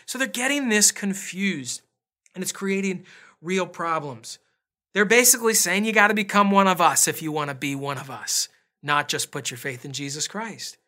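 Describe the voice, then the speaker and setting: A man's voice: sits high, normal speed, pushed and bright. A man pastor preaching a casual, conversational sermon, telling family stories with self-deprecating asides.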